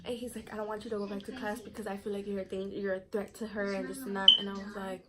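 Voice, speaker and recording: Animated young woman telling a storytime. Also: mid-range voice, fast, few pauses, background noise. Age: young adult. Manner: animated, profane, reenacts quotes. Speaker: vlogger. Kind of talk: casual storytime.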